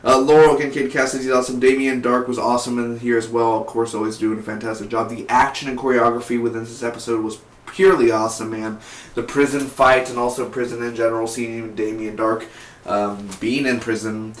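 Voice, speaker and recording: Young male TV reviewer, excitable and slangy, mid pitch, roomy echo. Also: fairly quick. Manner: excitable, slangy, says "man" and "dude" a lot. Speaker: TV episode reviewer. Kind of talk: casual review vlog.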